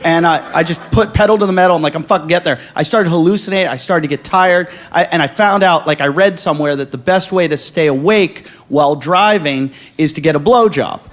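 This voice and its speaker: A man's voice: on the high side, brisk, hardly any pauses. A man on stage at a live comedy podcast, telling rambling, profane stories full of stammered restarts. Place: live show on stage before an audience.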